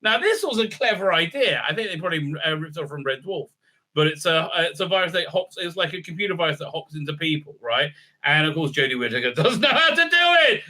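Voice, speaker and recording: A man's voice: a little high, big pitch swings, quick pace, bright, forceful tone. A man recapping and reviewing a TV episode in a rambling, sarcastic way, full of fillers and silly acted-out voices.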